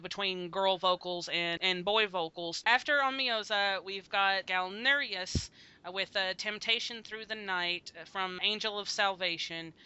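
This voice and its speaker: A woman hosts a casual music podcast in a bright voice with a crisp, clean tone. She chats freely, laughing often and filling gaps with many fillers. The audio is dry but a little dull and lo-fi. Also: mid-range voice, dry recording. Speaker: podcast host.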